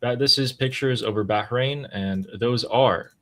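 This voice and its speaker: A man's voice: mid-range voice, measured pace, bright, forceful tone. A man hosting a live news analysis stream, explaining breaking events in a matter-of-fact way. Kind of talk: casual live news commentary.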